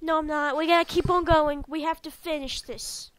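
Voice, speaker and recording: A young woman playing a game and commenting, reading chat messages aloud, excitable and given to loud exclamations, with a stuffed-up nose. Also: high voice. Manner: excitable, exclaims loudly, reads text slowly. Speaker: gamer.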